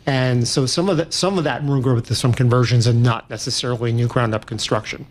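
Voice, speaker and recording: Analyst guy explaining the market, measured, lots of restarts. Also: medium pitch, fairly even intonation. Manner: measured, with frequent fillers and restarts. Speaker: industry analyst guest. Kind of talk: interview answers.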